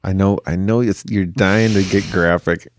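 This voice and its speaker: A man's voice: sits low, steady tone, moderate pace, slight background noise. A man co-hosting a casual history podcast, teasing his co-host and jumping in with jokes. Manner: playful, teasing, jumps in with jokes.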